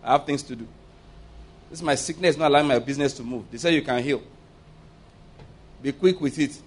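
A man's voice: medium pitch, a little fast, close to an everyday voice. A preacher mimicking an impatient sick man. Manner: curt, dismissive. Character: impatient sick man demanding quick healing.

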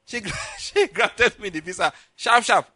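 Bright high-pitched preacher guy from nigeria, acts out every line of his story, dry close sound. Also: a little slow, no echo. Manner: animated storyteller, acts out dialogue, laughs often. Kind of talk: sermon storytelling.

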